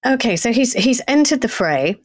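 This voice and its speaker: A woman's voice: on the high side, moderate pace, no echo, clean studio sound. A woman co-hosting a history podcast, chatting conversationally and putting questions to her co-host. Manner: conversational, asks questions, lively. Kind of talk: casual history chat.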